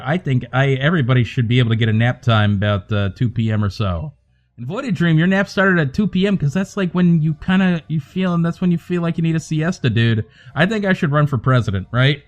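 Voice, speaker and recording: A man hosting a livestream, chatting casually to viewers in a calm, soothing voice and rambling from joke to joke. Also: medium pitch. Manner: rambling, joking, talks to chat by name. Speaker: livestream host.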